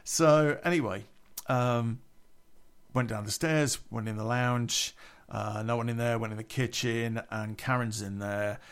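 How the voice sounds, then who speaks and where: A man's voice: medium pitch, fairly even intonation, a little slow, smooth. A middle-aged man telling a casual anecdote, chatty and laughing often. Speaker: podcast storyteller.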